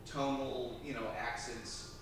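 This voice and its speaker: A man's voice: mid-range voice, level tone, slow. A man moderating a panel, asking thoughtful, hesitant questions. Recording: echoey, distant, noisy festival recording.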